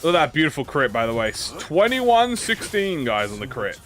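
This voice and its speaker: A man giving casual gameplay commentary, playful and excitable, swearing freely and talking back at the game. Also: on the high side, normal speed, soft background music. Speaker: gaming channel host.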